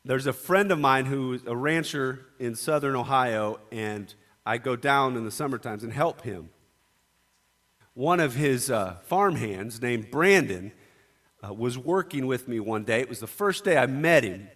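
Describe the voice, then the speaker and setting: A man preaching a sermon, talkative, moving between quiet asides and loud, emphatic declarations. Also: mid-range voice, expressive, a little slow.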